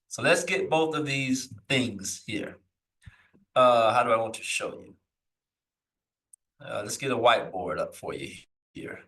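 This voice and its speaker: A man teaching a live lesson, reading old texts slowly aloud and then explaining them in loose, searching asides. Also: medium pitch, animated, bright, forceful tone, recorded from a distance, rough recording. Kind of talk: live recorded scripture lesson.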